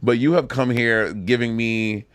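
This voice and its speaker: A man's voice: medium pitch, fairly even intonation, unhurried, no room sound, clean studio sound. A man co-hosting a podcast in casual chat, sassy and emphatic, swearing freely. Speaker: podcast co-host.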